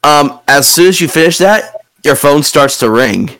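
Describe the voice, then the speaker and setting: A man's voice: fairly high pitch, lively intonation, normal speed, a bit bright, no room sound. A man narrating a tabletop game as game master, casual and descriptive, with fillers.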